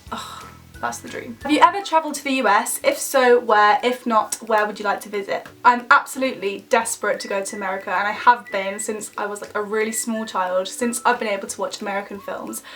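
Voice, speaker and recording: Brief: chatty twenties woman, Midlands English accent, fairly high voice, faint music underneath. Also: a bit bright. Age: 20s. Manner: chatty and bubbly, many "like" fillers. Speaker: YouTuber. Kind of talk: casual Q&A vlog chat.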